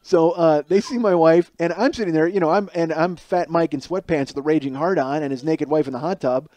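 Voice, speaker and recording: A man in his forties, hosting a podcast, telling a comic story in a rambling, animated way with many restarts and acted-out quotes. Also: a little high, fairly quick, dry recording. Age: 40s. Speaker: podcast host. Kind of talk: comedic storytelling monologue. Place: home kitchen.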